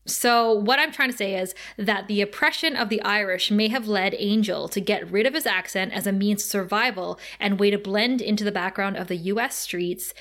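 A woman's voice: medium pitch, normal speed, few pauses, a bit bright. A woman co-hosting a casual podcast, chatting as an enthusiastic fan and laughing often. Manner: giggly, enthusiastic fan talk. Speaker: podcast co-host.

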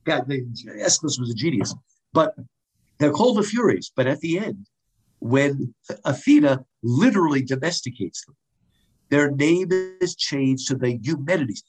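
A man's voice: medium pitch, normal speed, breathy edge, soft background music, rough recording. A man talking casually and animatedly about Greek drama, with a lot of restarts. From United States. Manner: animated, digressive, many restarts. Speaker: guest lecturer on Greek drama. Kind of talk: casual explanatory talk.

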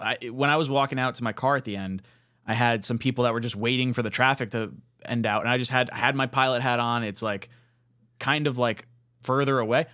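A man co-hosts a casual podcast, trading jokes and teasing his friends. His voice sits in a middle pitch. It is recorded dry, close to the mic. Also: fairly bright tone, no echo. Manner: teasing, joking banter. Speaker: podcast co-host.

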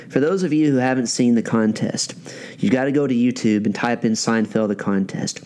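A man hosting a podcast interview, chatting and telling stories in a lively way. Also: medium pitch, fast. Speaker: podcast host. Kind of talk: casual interview chat.

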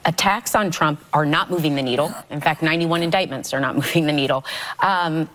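A woman co-hosting a TV panel show, asking a guest a pointed question in a measured way. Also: sits low, fairly bright tone. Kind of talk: televised panel interview question.

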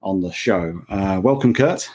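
A man hosting a podcast who introduces his guest and asks questions, halting often with fillers and restarts. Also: low voice, a little mellow, breathy edge. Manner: hesitant, many fillers and restarts. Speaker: podcast host. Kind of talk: casual interview chat.

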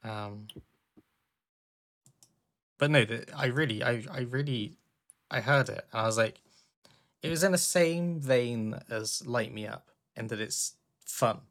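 Podcast co-host, gravelly voice, dry teasing, halting casual music chat. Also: mid-range voice, fairly bright tone. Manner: dry teasing, hesitant restarts.

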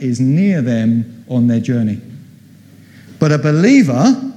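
A man's voice: mid-range voice, warm tone, in a large hall. A middle-aged man preaching a sermon, telling the story with animation and acting out the voices he quotes.

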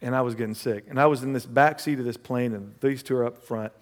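A male pastor preaching a sermon and telling a personal story, animated, swinging between loud bursts and hushed asides. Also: mid-range voice, fast talker. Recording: long hall reverb.

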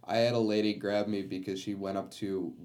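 Animated man trading work stories. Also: fairly quick. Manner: animated, acts out quotes with jumps in pitch. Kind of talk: casual chat.

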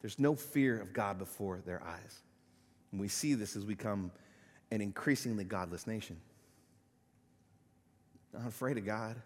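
A male pastor preaching a sermon, swinging between loud emphatic peaks and quiet, low-voiced asides. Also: moderate pace, long pauses, in a large hall. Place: church sanctuary.

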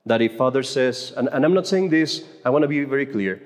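A man's voice: medium pitch, expressive, brisk. Man giving a chatty talk in an echoey hall. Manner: conversational and joking, with frequent stammered restarts. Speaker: speaker at a conference for Catholic mothers. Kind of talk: informal faith talk to an audience. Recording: echoey hall with long reverb.

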